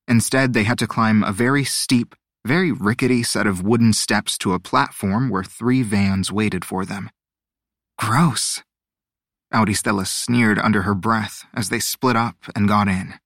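A man narrates an audiobook in a steady, measured storytelling manner. His voice is lowish, and the recording has clean studio quality with no echo.

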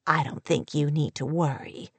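A woman reading an audiobook, voicing an eager, sly older woman teacher who gossips in a soft, hushed way. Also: lowish voice, big pitch swings, normal speed, no echo. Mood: gossipy.

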